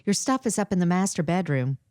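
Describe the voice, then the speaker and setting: A nervous, self-doubting young woman , as a woman reads her in an audiobook. Her lively voice rises and falls a lot, and the dry recording has no room sound. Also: lowish voice, a little fast, dry recording, natural voice. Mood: kind. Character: young woman, anxious first-time undercover agent.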